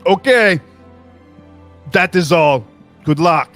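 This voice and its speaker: A man's voice: high voice, expressive, takes it slowly, a bit bright, soft background music, voice pushed up, exaggerated voice. A man voicing a big walrus-man bounty hunter who talks in a cheery, offhand way, polite while he threatens. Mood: mock-polite. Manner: cheery, offhand, with many ums and uhs.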